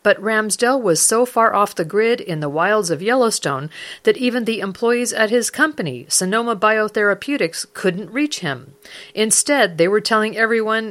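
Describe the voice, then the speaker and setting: A woman presents a scripted radio news feature at a measured pace. Her voice sits at a middle pitch, and she reads steadily through the copy as the program's host. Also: lively intonation, a bit bright.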